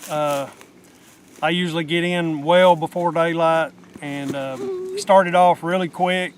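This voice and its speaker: A man's voice: a little high, unhurried, slight background noise. Middle-aged man telling a hunting story. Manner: plain-spoken, excited storytelling. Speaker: hunter. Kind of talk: outdoor hunting vlog talk. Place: outdoors in the woods.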